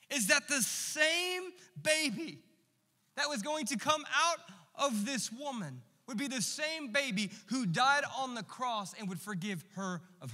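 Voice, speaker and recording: A man's voice: very high-pitched, pushed and bright. A man in his thirties preaching a sermon in a church, impassioned and conversational, with casual asides to the congregation. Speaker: pastor. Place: large church hall. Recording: long church-hall reverb.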